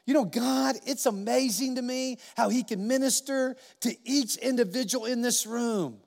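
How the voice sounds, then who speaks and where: High-voiced man preaching in a reverberant hall. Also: vocal fry, darkish tone. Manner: impassioned, conversational preaching with quick restarts and acted asides. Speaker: pastor. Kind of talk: sermon. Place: church sanctuary. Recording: long reverb of a large hall.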